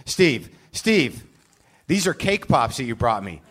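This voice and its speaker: A man's voice: medium pitch, big pitch swings, slow pace, a bit bright. A man hosting a show live on stage, delivering a rambling, self-deprecating comic rant full of profanity. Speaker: podcast host. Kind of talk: live comedic monologue.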